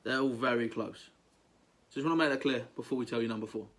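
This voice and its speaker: Young man, casual vlogger, gushing, chatty fillers, mid-pitched voice. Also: fast, a bit bright. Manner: enthusiastic, gushing, with many ums and likes. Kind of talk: casual countdown monologue.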